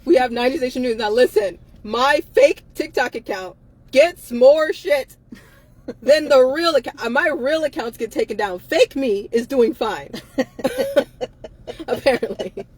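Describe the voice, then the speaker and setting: A woman's voice: high-pitched, a little slow, a little mellow, husky, dry recording. A tired woman co-hosting a live chat, emphatic and repetitive, laughing often and swearing freely. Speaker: co-host of a live chat show. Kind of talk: casual live-stream chat.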